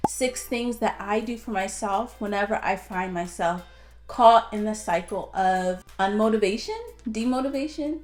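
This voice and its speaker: A woman's voice: medium pitch, normal speed, soft background music. A woman vlogger talking casually to her viewers about motivation, rambling a little and filling gaps with "like". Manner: chatty, heavy use of "like", light self-laughing. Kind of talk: casual talk to camera.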